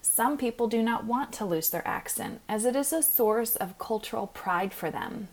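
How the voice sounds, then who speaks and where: A woman hosting a podcast, reading a scripted monologue in a clear, measured, instructive way as a pronunciation coach. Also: a little high, lively intonation.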